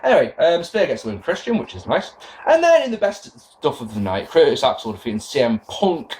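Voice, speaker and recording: A man's voice: medium pitch, a little fast, a little hiss or hum. A young man recapping a wrestling show in a casual, sarcastic rant, swearing as he goes. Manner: sarcastic, swearing, animated rants. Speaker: wrestling podcast host.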